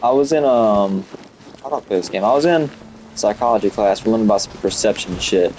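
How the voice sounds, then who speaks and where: A young man in his late teens tells school stories while he plays a game, with his speech full of fillers and swearing. His voice sits on the low side. Faint background noise hums along underneath him. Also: expressive, brisk, a little mellow. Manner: rambling, profane, full of fillers like "you know" and "like". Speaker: student gamer talking while playing. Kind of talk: casual rambling storytelling.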